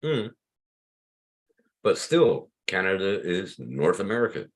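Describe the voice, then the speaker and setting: A man's voice: sits low, big pitch swings, slow pace. A man in his fifties from Pennsylvania, hosting a loose livestream chat, rambling and swearing freely. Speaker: livestream host.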